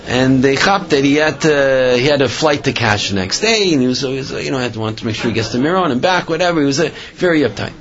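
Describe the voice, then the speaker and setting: Man, religious storyteller, rambling, middle-pitched voice, dull lo-fi recording. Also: animated, fast talker, few pauses, a bit bright. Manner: rambling, many restarts and filler phrases. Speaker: religious speaker. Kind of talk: storytelling talk.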